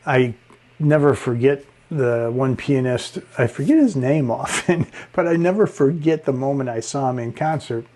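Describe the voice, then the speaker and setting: A man teaching public speaking in an expressive way, swinging his pitch and volume to demonstrate and chuckling often, with a relaxing tone. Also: normal speed. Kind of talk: instructional talk on speaking.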